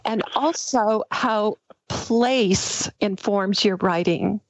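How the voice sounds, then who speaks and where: A woman hosting a podcast, reading a warm, enthusiastic introduction and then interviewing her guest. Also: mid-range voice, drawn-out words, dry recording, rough recording. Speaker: podcast host.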